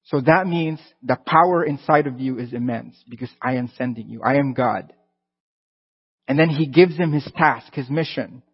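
A man's voice: mid-range voice, moderate pace, slightly rough. Man preaching in a reverberant hall. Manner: conversational preaching with rising emphatic bursts. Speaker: pastor. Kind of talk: sermon. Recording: dull lo-fi sound with long hall reverb.

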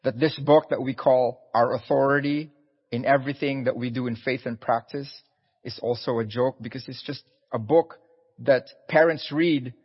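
A man's voice: mid-range voice, steady tone, moderate pace, husky, in a large hall, lo-fi sound. A man preaching a sermon in an earnest, pleading way, often repeating his words.

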